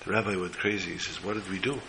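A low, creaky male voice moves at a quick pace, heard on poor audio with slight background noise. As an animated storyteller, he tells a religious story as a sermon and voices its characters emotionally.

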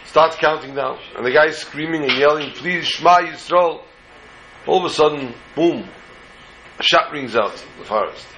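A man's voice: on the high side, normal speed, pushed and bright, slight background noise, poor audio. A man telling a religious folk tale in a casual, informal way, with digressions and joking asides. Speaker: storyteller.

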